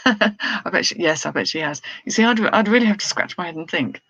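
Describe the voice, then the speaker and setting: A woman's voice: on the low side, lively intonation, brisk, a bit bright, no room sound, lo-fi sound. A woman who resells clothes, chatting casually on a live stream, laughing often and reading out viewer comments. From United Kingdom. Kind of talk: casual live-stream chat while showing items.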